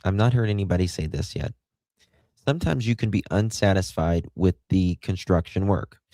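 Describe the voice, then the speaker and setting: A man's voice: low voice, normal speed, warm tone, no room sound. A man with an Appalachian accent hosting a live stream, rambling casually and greeting chat viewers by name.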